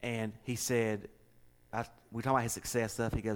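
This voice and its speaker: A middle-aged man with a Southern US accent, a pastor chatting casually and telling a story with animated delivery and repeated words. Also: medium pitch, fairly quick, clean tone. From American South. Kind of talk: casual chat with co-hosts.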